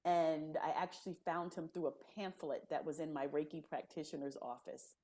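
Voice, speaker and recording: A woman guest on a podcast, telling her story in a casual, animated way and acting out the conversations she describes. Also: sits low, normal speed. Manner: animated, laughing storyteller who acts out quoted dialogue.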